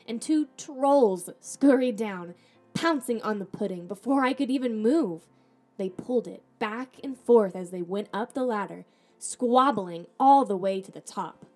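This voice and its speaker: A woman podcast host reading a children's storybook aloud in the first person, animated, with acted dialogue. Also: medium pitch, a little slow, faint music behind.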